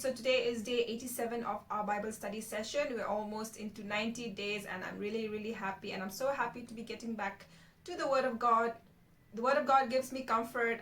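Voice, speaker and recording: A woman hosting her own channel, chatting casually about faith and then reading scripture aloud slowly and carefully, often checking in with "right?". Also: on the high side, fairly bright tone, slight background noise. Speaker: channel host reading the Bible. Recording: voice picked up from a distance.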